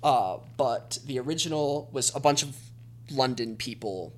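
A man's voice: medium pitch, expressive, a little slow. A man co-hosting a podcast, chatting enthusiastically in long rambling runs. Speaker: podcast co-host. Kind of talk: casual chat about musicals.

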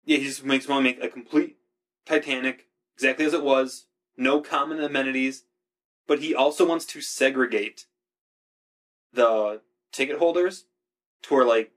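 A man's voice: medium pitch, normal speed, long pauses, fairly bright tone. A man chatting casually with a friend, laid-back, swearing freely and using many fillers. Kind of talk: casual podcast chat.

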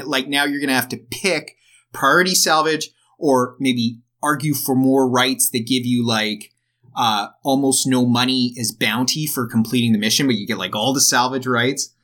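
An eager man co-hosting a casual chat, his voice bright and forceful. He rambles excitedly, stacking up fillers as he goes. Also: medium pitch, normal speed. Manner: enthusiastic, rambling with many "like" fillers. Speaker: podcast co-host.

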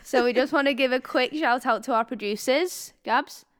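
A woman's voice: sits high, normal speed, a bit bright, no room sound, clean studio sound. A woman co-hosting a podcast, chatting casually in a giggly, teasing way. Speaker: podcast co-host. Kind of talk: casual chat.

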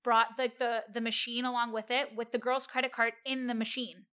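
Bright-voiced young woman telling a story. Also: fairly high pitch, brisk. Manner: animated, quotes people in her story. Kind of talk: casual chat, storytelling.

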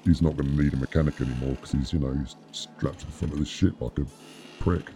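A man's voice: extremely low pitch, fairly even intonation, quick pace, mellow, a little hiss or hum. A man voicing an upbeat, chatty captive mechanic who rambles and stammers in a friendly way.

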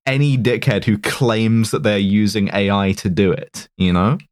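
A man's voice: fairly low pitch, fairly even intonation, normal speed, no room sound, studio quality. A man co-hosting a casual podcast who riffs jokes with a lot of "like" fillers. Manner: joking, riffing, lots of "like". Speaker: podcast co-host. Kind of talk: casual comedic podcast chat.

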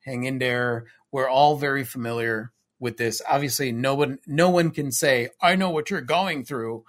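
Jokey, animated male stream co-host. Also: mid-range voice, moderate pace. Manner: animated, jokey, breaks into exaggerated silly voices. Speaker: co-host of a live art stream. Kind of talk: casual chat.

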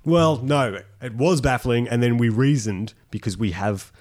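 A man's voice: medium pitch, a little slow, darkish tone. A man co-hosting a casual chat, reading out a thread and mocking it sarcastically. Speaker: podcast co-host.

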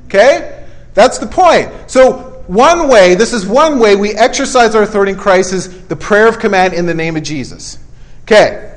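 Man, preacher, conversational sermon, high voice, emphatic, folksy asides.

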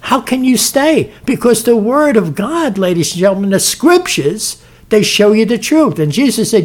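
Man, preacher, high voice, fervent, repeats words, addresses listeners directly. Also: big pitch swings, normal speed. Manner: fervent, stumbling restarts, direct address to "folks". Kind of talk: emphatic preaching with read-aloud passages.

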